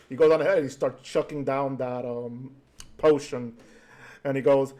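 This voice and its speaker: A man running a tabletop game as game master, narrating with many pauses and fillers. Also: medium pitch, steady tone, a little mellow.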